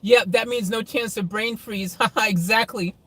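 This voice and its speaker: High-voiced man chatting from his car. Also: fairly even intonation, measured pace, fairly bright tone. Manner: chatty, laughs often, talks to viewers. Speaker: vlogger livestreaming from his car. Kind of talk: casual livestream chat. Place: inside a car.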